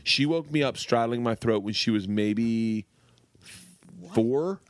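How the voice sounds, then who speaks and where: A man, a guest comedian, telling animated, profane family anecdotes in casual podcast chat. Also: medium pitch, slow. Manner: animated anecdotes, swearing and laughing.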